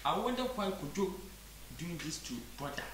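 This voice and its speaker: A woman with a Ghanaian accent talks through an issue on a chat show in a fairly low voice. She talks emphatically and doubles up words when she presses a point. The room is echoey, with a faint hiss behind her. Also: lively intonation, moderate pace. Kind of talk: casual chat show discussion.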